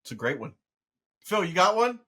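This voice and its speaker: A man co-hosting a podcast in casual chat, animated and joking with quick restarts. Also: sits high. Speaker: podcast co-host.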